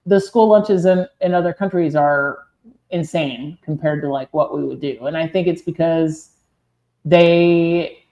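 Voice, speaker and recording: Low-voiced woman co-hosting a chatty podcast. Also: unhurried, dark tone, muffled recording. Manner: chatty, laughs easily, thinks aloud with fillers. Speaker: podcast co-host. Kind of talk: casual chat.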